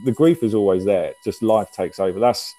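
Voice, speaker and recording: A man's voice: lowish voice, moderate pace, dark tone, rough recording. A man as an interview guest, speaking hesitantly and repeating words as he talks. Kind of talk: conversational interview.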